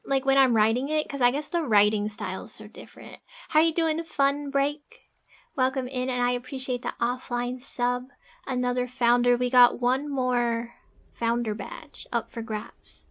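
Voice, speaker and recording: A woman with a high voice chats with her stream audience while sketching at her desk. She talks at an unhurried pace, soft-spoken and hesitant, full of fillers and small giggles. Her voice comes through a desk microphone. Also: steady tone. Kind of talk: casual live-stream chat.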